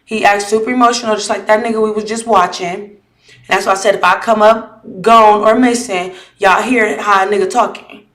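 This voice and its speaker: A woman's voice: medium pitch, fairly even intonation, normal speed, a bit bright. A woman vlogger talking casually to her viewers, reading messages aloud and retelling an argument in a blunt, heated way with frequent swearing. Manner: reads messages aloud and asks viewers for judgment. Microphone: camera or phone mic while live.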